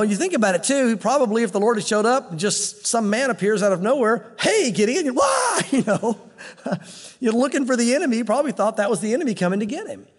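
A man's voice: sits high, long reverb tail. A male pastor preaching a sermon in a conversational way, often acting out the voices of people he quotes. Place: church.

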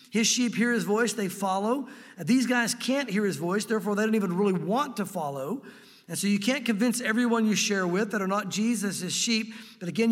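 A man preaching a sermon from a church sanctuary, earnest and emphatic, slowing down to read scripture aloud. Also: high-pitched. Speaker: pastor. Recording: long reverb of a large hall.

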